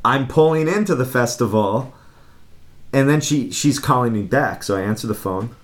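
A man's voice: medium pitch, expressive, moderate pace. A man telling a story as a guest in a casual conversation, chatty and laughing between phrases. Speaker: podcast guest.

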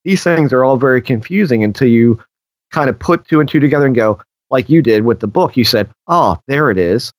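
A man in casual conversation wanders through his thoughts, stopping for fillers and sometimes slipping into quoted voices. His voice sits at an ordinary middle pitch. The recording is dry and close, with no room sound. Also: animated, a little fast, no room sound, low-quality recording. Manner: rambling, filler-heavy, acts out voices in quotes. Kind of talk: conversational discussion of strange experiences.

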